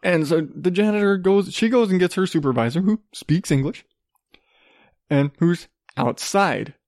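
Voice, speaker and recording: A young man tells a story on his own show, cursing often and ranting as he plays out both sides of a quarrel. His voice sits a little high and the sound is dry and close. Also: normal speed, a little mellow, dry recording. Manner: profane, ranting, acts out both sides of arguments. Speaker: podcast host. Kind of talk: profane storytelling rant.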